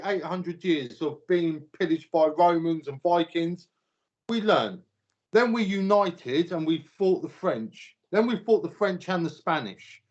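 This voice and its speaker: A man with a British accent making his point emphatically on a podcast, proud and lecturing in tone. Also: high voice. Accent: British English. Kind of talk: casual podcast chat. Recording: slightly muffled podcast audio.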